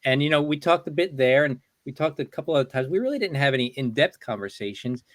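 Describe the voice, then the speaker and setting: A middle-aged man telling a relaxed, chatty anecdote on a video call, full of "you know". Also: mid-range voice, fast talker, no echo. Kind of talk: casual storytelling.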